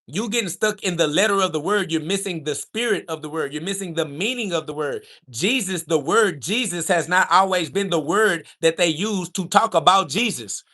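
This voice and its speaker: A man speaking hosts a livestream and answers chat in a combative, preachy monologue, insulting his critics over and over and now and then rising to a shout. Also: high-pitched, lively intonation, normal speed, few pauses. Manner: rises to shouting when heated.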